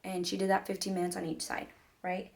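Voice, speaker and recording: Young woman vlogging, low-ish voice, pretty flat, just rambling on with lots of "like". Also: fairly quick, creaky. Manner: chatty, rambling, heavy use of "like" and "mind you guys". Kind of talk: casual storytelling to camera.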